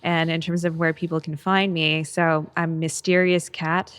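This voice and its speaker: A woman's voice: sits low, level tone, normal speed, a bit bright, clear, resonant tone. A woman being interviewed as a writer, talking in a chatty, hesitant way with lots of fillers and frequent laughs. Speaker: guest writer. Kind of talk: casual interview chat.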